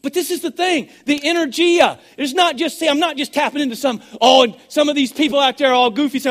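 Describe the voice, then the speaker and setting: A man preaching a sermon, excitable and swinging between shouting and a hushed voice. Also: very high voice, fast talker, hardly any pauses. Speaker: pastor.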